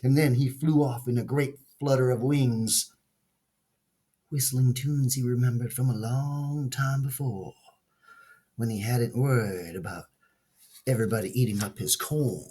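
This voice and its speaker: Slow husky man reading a story. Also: mid-range voice, mellow. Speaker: narrator. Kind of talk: reading a children's story aloud.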